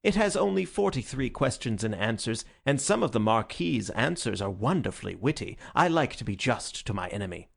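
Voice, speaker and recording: Man voicing a tipsy young gentleman, giddy, florid, bubbling, gravelly, audiobook. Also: medium pitch, big pitch swings, moderate pace, hardly any pauses, exaggerated voice. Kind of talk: audiobook character voice.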